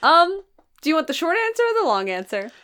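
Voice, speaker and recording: A woman's voice: extremely high pitch, sing-song, fairly quick, a bit bright. A woman co-hosting a podcast in casual chat, teasing and playful. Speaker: podcast co-host.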